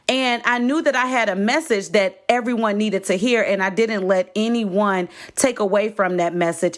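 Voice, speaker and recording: Woman podcast host telling a story. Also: mid-range voice. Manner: animated, addresses listeners as y'all, laughs while telling. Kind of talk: casual storytelling monologue.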